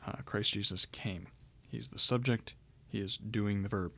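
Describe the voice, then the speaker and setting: A man's voice: fairly low pitch, fairly even intonation, unhurried, gravelly, pushed and bright. A man teaching Greek grammar in a recorded lecture, explaining step by step with frequent ums and restarts.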